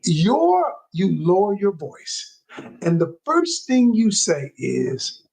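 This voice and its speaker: A man coaching an audience, talking emphatically, repeating key phrases and speaking straight to his listeners, sometimes lowering his voice to show calm. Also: slow pace, creaky, husky, low-quality recording. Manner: emphatic and repetitive, addresses listeners directly; drops his voice low to demonstrate calm. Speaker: communication coach. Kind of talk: motivational talk to an audience.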